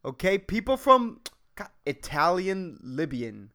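A man in his thirties hosts a solo podcast, ranting casually in a high, sing-song, slow voice that's bright and forceful. He rambles, swears, jumps between topics, mocks himself and constantly says "dude" and "man," calling the listener "dude."

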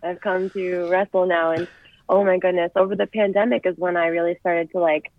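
A woman's voice: lowish voice, level tone, fairly quick. A young woman wrestler, chatting as an interview guest and telling stories in an upbeat way. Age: young adult. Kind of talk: casual interview chat. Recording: tinny phone-like line.

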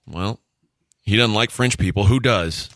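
A man co-hosting a sports radio show, joking and ranting in animated casual banter. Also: on the low side, a little slow, no room sound, studio quality. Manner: animated, mocking, jumps between ideas.

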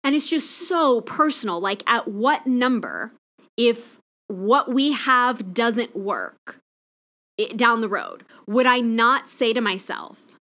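A woman's voice: fairly high pitch, slow pace, bright, forceful tone. Candid emotional woman podcast host. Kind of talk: personal monologue.

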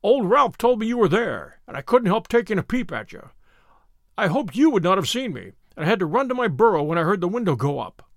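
A man voicing a weary, guarded young former soldier speaking in a measured, rueful way in an audiobook reading. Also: high-pitched, big pitch swings, vocal fry, dry recording, clean studio sound, full character voice.

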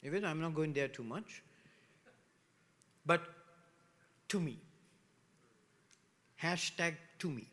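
Bright-voiced preacher in a reverberant hall. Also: male voice, fairly high pitch, takes it slowly, long pauses, slight background noise. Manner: animated preaching with rhetorical questions, swinging between loud and hushed. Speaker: pastor. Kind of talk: sermon. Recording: long reverb of a large hall.

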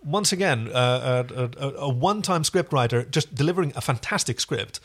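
An excitable man co-hosts a relaxed episode recap. He laughs easily and keeps slipping into little impressions of the characters. His voice sits in a mid range. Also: mid-range voice, brisk, breathy edge. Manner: enthusiastic, laughs often, tries out quoted voices. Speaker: podcast co-host. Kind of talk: casual recap chat.

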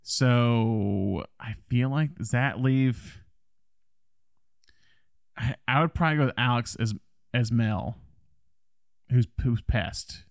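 A man's voice: mid-range voice, takes it slowly, gravelly, long pauses, no echo, clean studio sound. A man co-hosting a film podcast, talking casually and rambling with restarts. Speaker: podcast host.

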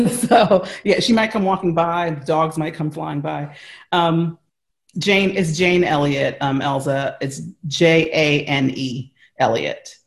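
An American man joins an interview by remote call from home, explaining things earnestly and at length with frequent fillers and restarts. His voice is a little high and creaky, and he takes his time.

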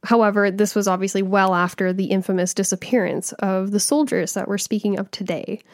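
A young adult woman co-hosting a casual history podcast, reading out facts in a conversational way with fillers and quick self-corrections. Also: mid-range voice, fairly even intonation, dry recording, studio quality. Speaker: podcast co-host.

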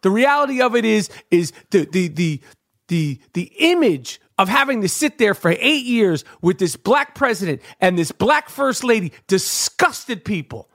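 A middle-aged man co-hosting a podcast launches into a heated, casual rant, swearing often. His voice sits high and is a bit bright, unhurried yet swinging widely in pitch, and he stumbles over repeated words while searching for what to say.

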